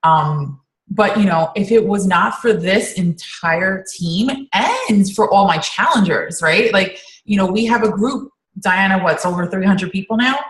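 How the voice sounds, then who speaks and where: A woman's voice: mid-range voice, a little slow, echoey room, low-quality recording. A woman coach on a team call, talking casually and rambling with many fillers and restarts.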